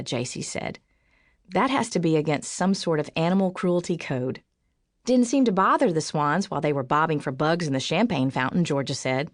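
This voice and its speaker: A woman's voice: sits low, animated, normal speed, no echo, clean studio sound. A woman narrating an audiobook, lifting her voice for the characters' lines.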